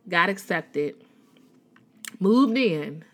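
A woman's voice: on the low side, expressive, very slow. A woman in her thirties from the Chicago area, telling a personal faith testimony in a conversational way, with many fillers and restarts. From Chicago area, USA. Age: 30s. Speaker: Christian speaker sharing a testimony.

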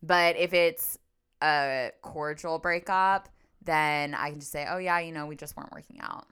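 A woman's voice: low voice, steady tone, moderate pace, a bit bright, clean tone. A young woman co-hosting a casual podcast chat, chatty and self-mocking, swearing and quoting people. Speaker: podcast co-host.

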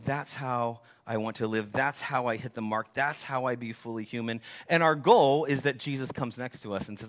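A man in his forties preaching a sermon, telling a candid, self-deprecating story with animated asides. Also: mid-range voice, moderate pace, hardly any pauses. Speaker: pastor.

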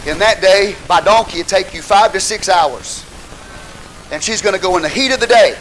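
A man preaching a sermon with fervor, rising at times to shouts and calling out hallelujah to the congregation. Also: sits high, expressive, normal speed, slight background noise, low-quality recording. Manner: calls out hallelujah, asks the congregation questions.

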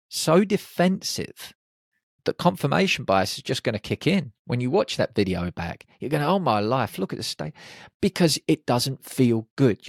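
A man hosting a solo podcast, talking in an animated way and slipping into quick voices for people's inner self-talk. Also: medium pitch, no echo, clean studio sound. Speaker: podcast host.

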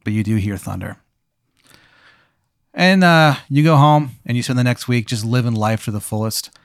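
A man improvising an absurd hypothetical story in a low-key, deadpan way, chuckling as he goes. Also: moderate pace, smooth, no echo, studio quality. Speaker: podcast host posing hypotheticals.

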